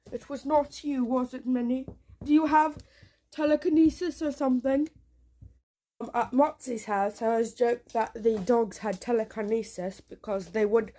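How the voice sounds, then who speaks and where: A woman vlogging from a dark room at home, rambling with frequent restarts, jumpy and swearing often. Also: on the high side. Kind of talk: casual home vlog.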